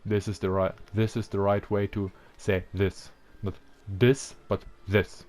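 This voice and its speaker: Rambling low-voiced male game commentator. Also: flat delivery, moderate pace, darkish tone. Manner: rambling, thinking aloud, trailing off and restarting. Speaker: let's-play commentator. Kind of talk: casual gameplay commentary.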